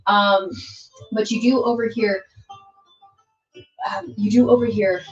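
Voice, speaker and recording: A woman's voice: medium pitch, fairly even intonation, slow pace, lo-fi sound, soft background music. A woman narrating as game master of a tabletop game, rambling with many fillers and restarts.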